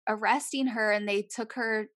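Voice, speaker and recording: A young woman in casual chat, retelling a true-crime story with animated voices for the people in it and frequent swearing. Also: fairly high pitch, moderate pace.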